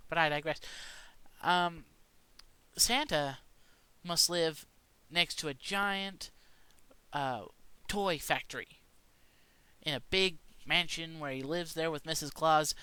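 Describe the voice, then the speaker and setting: A man's voice: sits high, sharp tone, clear, resonant tone, no echo. A man rambling through a mock-serious conspiracy rant in a casual monologue, stumbling and restarting often. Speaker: vlogger.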